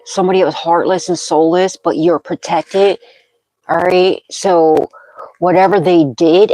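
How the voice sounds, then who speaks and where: A woman's voice: sits low, a little mellow, no echo, poor audio. Rambling woman reading tarot, dry sound. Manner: rambling, frequent "okay?" check-ins; intuitive, dramatic pronouncements. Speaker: tarot reader.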